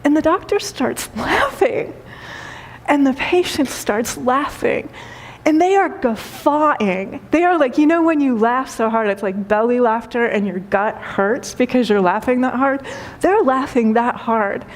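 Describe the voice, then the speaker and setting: A woman spiritual teacher giving a talk and telling a story, speaking gently with repeated phrases and frequent laughter. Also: fairly high pitch, a little slow. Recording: long hall reverb.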